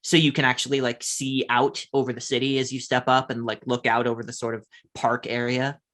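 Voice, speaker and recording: A man's voice: mid-range voice, flat delivery, a little fast, fairly bright tone. A man narrating as game master of a tabletop game, describing scenes casually with lots of fillers.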